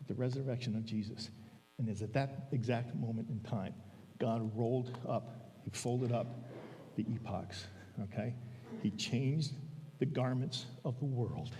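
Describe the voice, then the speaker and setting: A man's voice: mid-range voice, dark tone, far from the mic. A man preaching a sermon in a church, conversational, often checking in with "all right?". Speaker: guest preacher. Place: church sanctuary. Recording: long church hall reverb.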